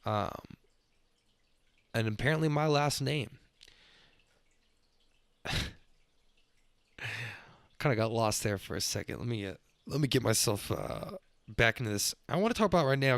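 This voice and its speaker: Dude hosting his own podcast, cussing and rambling, mid-pitched voice, dry sound. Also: normal speed, pauses often, no room sound. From Texas. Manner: profane, loose and excitable, swings up when worked up. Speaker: podcast host. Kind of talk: casual rambling monologue.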